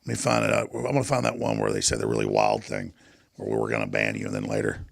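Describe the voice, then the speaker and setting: A man hosting a talk show, delivering a heated political monologue in a ranting, forceful way. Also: extremely low pitch, expressive, quick pace, vocal fry. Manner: ranting, forceful, with mocking put-on voices in quotes.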